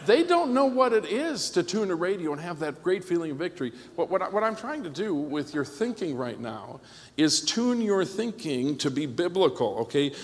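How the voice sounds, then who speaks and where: Animated joking pastor in a reverberant hall. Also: male voice, sits high, normal speed. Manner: animated and joking, keeps asking "okay?". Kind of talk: conference sermon. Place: church hall.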